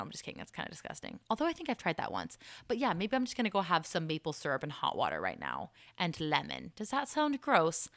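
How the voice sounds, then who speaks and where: A woman hosting a solo podcast, chatting in a casual, encouraging way and laughing at herself, her voice starting to go a little hoarse. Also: lowish voice, fairly bright tone, dry recording, clean studio sound. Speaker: podcast host.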